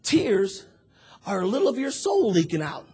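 Husky, high-voiced preacher who builds to shouting. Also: male voice, huge pitch swings, moderate pace. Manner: builds from quiet to shouting fervor; acts out prayers and dialogue in the telling. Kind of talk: sermon.

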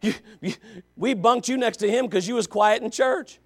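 A Baptist pastor preaching a fervent sermon, swinging between quiet asides and shouts. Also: male voice, very high voice, normal speed.

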